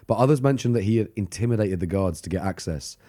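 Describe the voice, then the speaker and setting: Fairly low-pitched and dark, his voice is animated and fast. He's a podcast co-host recounting a true-crime case in a casual, jokey way, swearing freely and breaking into laughter and silly mock voices.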